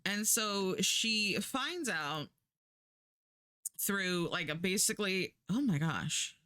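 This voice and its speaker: A woman's voice: medium pitch, lively intonation, takes it slowly, sharp tone. A woman streamer recapping a book in casual chat, rambling through lots of fillers and restarts, and blunt and profane when something annoys her.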